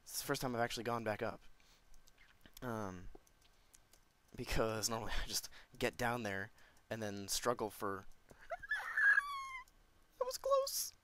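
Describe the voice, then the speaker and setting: A man narrating his own game play in chatty commentary, jumpy and quick to yelp and laugh. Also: fairly low pitch, steady tone, background noise. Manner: chatty, jumpy, yelps and laughs when startled. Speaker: let's play gamer.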